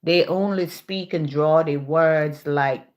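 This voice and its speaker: A woman's voice: sits low, slow pace, darkish tone. A Jamaican woman hosting a casual livestream chat, chatty and opinionated. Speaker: livestream host.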